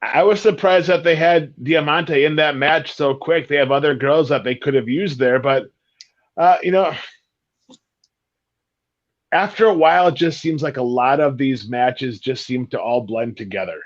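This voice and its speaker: A man's voice: mid-range voice, normal speed, muffled recording. A man on a wrestling talk panel giving earnest, critical opinions and repeating points for emphasis. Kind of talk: casual panel chat, opinionated.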